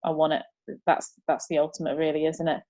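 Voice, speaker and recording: A young woman, chatting as an interview guest, upbeat and quick to laugh. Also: low voice, completely flat delivery, warm tone. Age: 20s. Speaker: martial arts competitor, interview guest. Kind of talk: casual interview chat.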